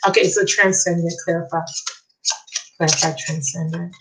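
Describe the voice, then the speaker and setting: A woman giving a live tarot reading, excitable and emotional, repeating key phrases. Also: fairly low pitch, normal speed, very noisy. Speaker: tarot reader.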